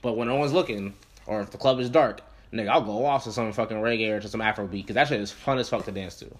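Fast-talking, profane man co-hosting. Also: on the low side. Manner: fast, profane, animated banter. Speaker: podcast co-host. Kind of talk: casual music chat.

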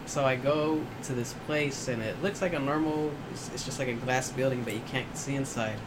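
A young man in casual chat, telling a story about a past job in a relaxed, easygoing way. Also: medium pitch, fairly quick. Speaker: friend telling stories. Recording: noisy room background.

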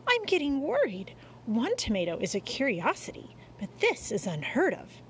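A woman reading a storybook and voicing an anxious, fussing mother in a high, urgent voice. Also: huge pitch swings, moderate pace, a little hiss or hum. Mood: worried.

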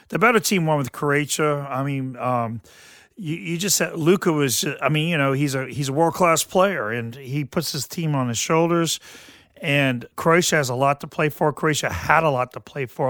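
A man's voice: medium pitch, a bit bright, dry recording, clean studio sound. Folksy man rambling on the radio. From southeastern Louisiana. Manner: rambling, folksy, frequent fillers and restarts. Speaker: radio show host. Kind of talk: casual sports commentary.

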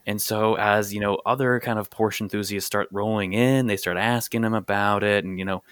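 A man's voice: lowish voice, steady tone, normal speed, fairly bright tone, clean tone, dry recording, clean studio sound. A man chatting casually as a co-host, laid-back and full of fillers. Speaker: co-host of car podcast. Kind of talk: casual chat.

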